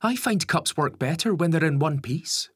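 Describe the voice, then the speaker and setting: A man voicing a caring, gently firm mother with dry wit in an audiobook. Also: fairly high pitch, expressive, normal speed, breathy edge, no echo, voice pushed up. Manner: soothing, teasing. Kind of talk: audiobook character voice.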